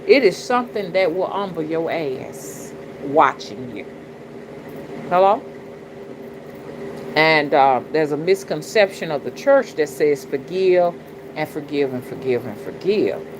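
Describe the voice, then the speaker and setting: A middle-aged spiritual reader hosts her channel in a casual livestream, greeting chat and bluntly, profanely preaching her views while often asking "you understand?" Her voice is low and expressive, and she speaks at a measured pace. Background noise is noticeable.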